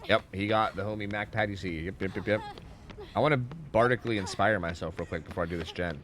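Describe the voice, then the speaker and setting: A man streaming a game live and chatting with viewers, excitable and profane, swinging between loud pleading and low mumbling. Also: fast. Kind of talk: live gaming commentary with chat.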